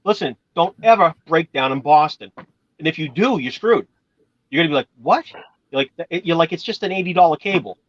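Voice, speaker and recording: A man's voice: on the high side, expressive, a little fast, muffled recording. A man from Massachusetts chatting casually, rambling through stories and swearing now and then. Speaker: channel host. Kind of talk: casual chat.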